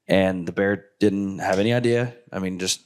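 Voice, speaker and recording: A man hosting a hunting show, retelling a hunt in a casual, animated way with lots of filler words. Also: sits low, normal speed. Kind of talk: casual storytelling with guests.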